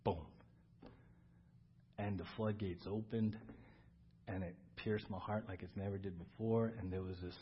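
A man's voice: deep voice, fairly even intonation, measured pace, long pauses, highs cut off, slight background noise. A man preaching a sermon to his church, earnest and repeating words for emphasis. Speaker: pastor. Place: church service.

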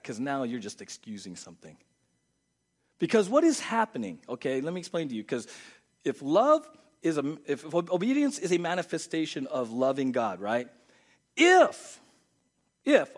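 Animated preaching man, slightly high voice. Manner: animated, pitch swings widely from low and quiet to high and loud; addresses the congregation directly with rhetorical questions. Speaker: pastor. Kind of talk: sermon.

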